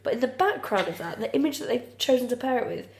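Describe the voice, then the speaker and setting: A woman's voice: on the high side, expressive, fast, vocal fry. Sweary woman with roomy echo. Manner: frank, sweary, dry. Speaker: podcast co-host. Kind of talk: casual comedic chat.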